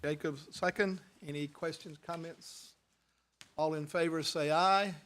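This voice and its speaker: A man chairing a formal board meeting, calling for motions and votes in a brisk, procedural way. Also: on the high side, steady tone, a bit bright.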